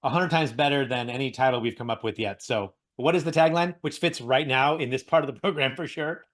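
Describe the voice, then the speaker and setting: A man co-hosting a casual podcast, animated and joking, laughing often and rambling through news. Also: medium pitch, a little fast. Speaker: podcast co-host. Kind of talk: casual chat.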